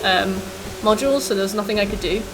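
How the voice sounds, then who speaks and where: A woman's voice: medium pitch, fast talker, background noise. A woman in her twenties, a streamer chatting casually with viewers while gaming, rambling with lots of fillers.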